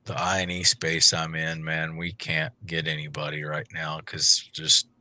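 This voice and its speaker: Deep-voiced bright joking man. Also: completely flat delivery, measured pace. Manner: joking, teasing, rambling. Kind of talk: casual banter on a livestream.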